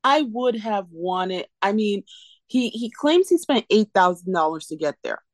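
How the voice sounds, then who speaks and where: A woman's voice: mid-range voice, animated, measured pace, no room sound. A woman co-hosting a podcast, ranting sarcastically and emphatically in a casual recap chat. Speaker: podcast co-host.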